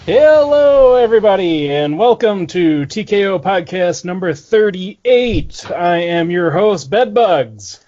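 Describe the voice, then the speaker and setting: Slow-talking podcast host, lo-fi call audio. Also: male voice, sits high, lively intonation, a little mellow, soft background music. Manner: laid-back, laughs often, introduces guests. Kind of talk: casual chat.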